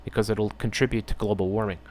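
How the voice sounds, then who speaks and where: A man with a slightly low voice delivers a heated commentary on the news. He reads headlines aloud and answers them with sarcasm and open indignation. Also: steady tone, quick pace, a little mellow. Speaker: channel host.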